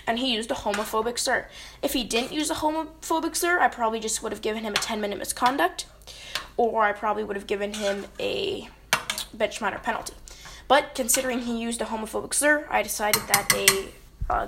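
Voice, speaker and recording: Gravelly woman telling referee stories. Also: on the high side, background noise. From British Columbia, Canada. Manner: chatty, leans on "basically" and "right?". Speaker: hockey referee. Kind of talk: casual advice storytelling.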